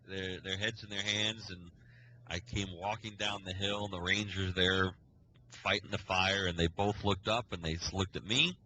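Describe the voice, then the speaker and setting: A man's voice: low voice, bright, forceful tone, a little hiss or hum, poor audio. A man, a scoutmaster, telling a long story on a casual podcast, acting out the quoted dialogue as he goes. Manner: rambling storyteller who acts out quoted dialogue.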